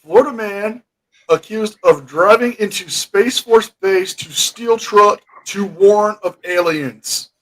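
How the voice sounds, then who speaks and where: A man's voice: high-pitched, takes it slowly, a bit bright, low-quality recording. Playful male host reading headlines. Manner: playful, reads headlines aloud. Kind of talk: casual chat, reading headlines.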